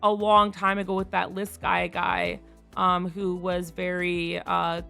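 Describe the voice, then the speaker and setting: A woman streamer chatting casually on a live stream, frank and quick to laugh, swearing freely. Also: fairly low pitch, completely flat delivery, creaky, pushed and bright, soft background music.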